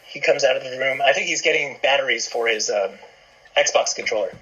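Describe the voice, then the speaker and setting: A man chatting casually as host, relaxed and reactive. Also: mid-range voice, brisk, breathy edge, muffled recording. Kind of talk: casual chat.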